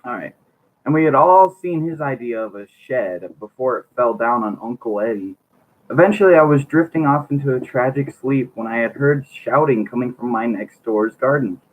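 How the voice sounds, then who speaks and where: A man's voice: mid-range voice, animated, moderate pace. A man reading a book aloud on his channel, stumbling over words and breaking off for wry joking asides. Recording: tinny lo-fi mic, faint hiss.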